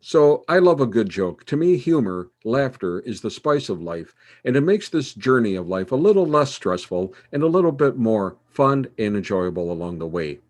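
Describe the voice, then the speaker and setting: A man's voice: mid-range voice, moderate pace, hardly any pauses. A man hosting his own show and telling jokes in a playful storytelling way. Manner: animated, playful delivery.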